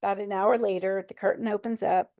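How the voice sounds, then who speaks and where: A woman's voice: medium pitch, steady tone, fairly quick, warm tone. A middle-aged woman telling her own cancer story in a candid, conversational way, with small laughs along the way. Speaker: cancer survivor speaker. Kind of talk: personal storytelling talk.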